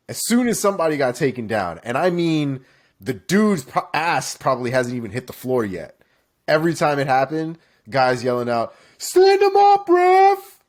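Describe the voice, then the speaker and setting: A man from Florida co-hosting a casual chat, telling stories with lively swearing. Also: mid-range voice. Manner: animated storytelling with swearing. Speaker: co-host.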